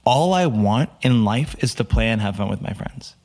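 A man's voice: on the low side, moderate pace. Young american guy on a podcast, telling stories, does little voices for people. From United States. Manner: animated storyteller, acts out quotes. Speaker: guest. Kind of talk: casual storytelling interview.

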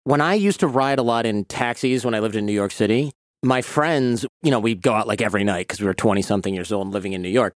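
A man's voice: on the low side, fast, no echo, clean studio sound. A man hosting a podcast, telling personal anecdotes in a loose, rambling way with "like" and "you know". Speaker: podcast host. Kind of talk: casual interview chat.

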